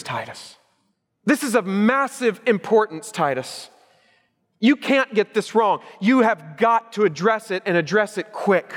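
Middle-aged male pastor, high-pitched and emphatic, preaching in a reverberant church hall. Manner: emphatic, punchy repetition, swings between loud urgency and hushed gravity. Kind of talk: sermon.

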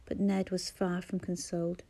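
A woman reads a novel aloud in a measured, expressive manner. Her voice is mellow and soft, with an even pitch. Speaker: audiobook narrator. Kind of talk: scripted narration.

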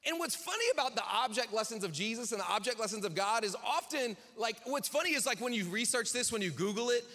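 A man delivers a sermon in a relaxed, conversational way, tossing off jokes to his listeners between points. His voice sits high and bright. A long reverb from a large hall trails each phrase. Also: fast. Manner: casual, chatty preaching with jokey asides. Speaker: pastor.

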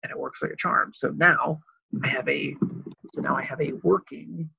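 Husky young man, casual chat. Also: moderate pace, no room sound. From Illinois, US. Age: young adult. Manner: animated, laughs often, breaks into high excited voices. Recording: dry, slightly dull lo-fi sound.

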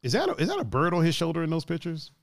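A man from Ohio co-hosting a stream, chatting casually, laughing often and swearing as he tells animated stories. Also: on the high side, very fast, gravelly, no room sound, studio quality. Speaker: stream co-host. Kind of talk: casual chat.

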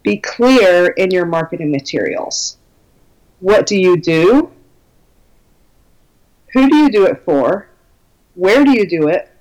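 A woman's voice: on the low side, expressive, slow, pauses often, darkish tone, poor audio. A woman talking as a guest belly dance teacher in a casual conversation, chatty and enthusiastic with many fillers.

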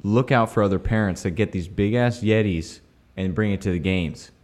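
A man's voice: lowish voice, moderate pace, a little mellow. A man in a casual chat, adding joking asides.

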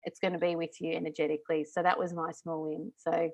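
A woman's voice: low-pitched, flat delivery, fast talker. A woman co-hosting a podcast in casual chat, heartfelt and reflective, often laughing. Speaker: podcast co-host.

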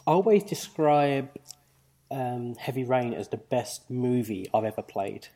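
A man in casual gaming chat, jokey and quick to laugh at his own slips. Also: mid-range voice, warm tone.

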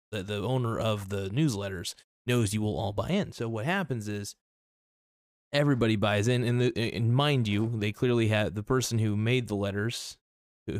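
A man's voice: on the low side, no room sound, clean studio sound. Blunt, profane podcast host man. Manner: blunt, profane, skeptical, many fillers. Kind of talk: casual opinionated podcast rant.

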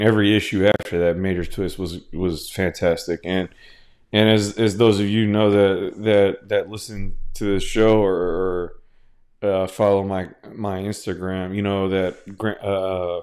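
A man's voice: deep voice, level tone, normal speed, darkish tone. A man hosting a podcast, talking casually and at length, with many restarts and fillers, swearing freely. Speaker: podcast host. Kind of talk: casual solo podcast monologue.

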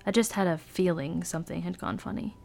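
A woman's voice: lowish voice, brisk, vocal fry, darkish tone, faint music behind. A woman podcast host reading a first-person novel aloud in a brooding, sardonic narration.

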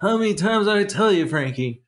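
A man doing a comic impression of a famous actor, with halting, clipped phrasing. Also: high-pitched, animated, voice pushed up. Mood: mock-menacing.

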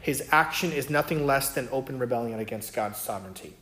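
Recorded in an echoey room, a man with a mid-range voice gives a casual Bible teaching, brisk, bright, and forceful in tone. He talks conversationally, with lots of fillers and frequent "right?" check-ins with his listeners.

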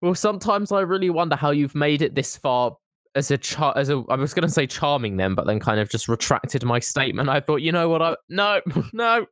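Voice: medium pitch, brisk, no room sound, clean studio sound. A podcast co-host in casual comedic chat, teasing a friend, mocking, and laughing often.

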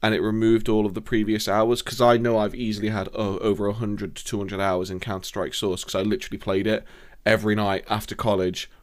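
A man's voice: lowish voice, flat delivery, fairly quick. A young man telling rambling, sweary stories in a casual gaming chat. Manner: rambling, sweary storytelling with laughs.

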